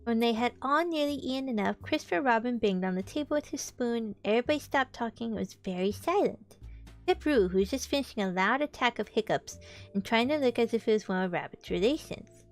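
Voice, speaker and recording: A woman's voice: a little high, lively intonation, fast talker, soft background music. A woman streamer reading a children's book aloud, in a casual tone with joking asides. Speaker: vtuber storybook reader.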